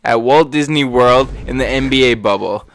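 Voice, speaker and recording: A man's voice: mid-range voice, moderate pace, fairly bright tone. A man co-hosting a podcast, reading a news story aloud and steering the chat back to it. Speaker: podcast co-host.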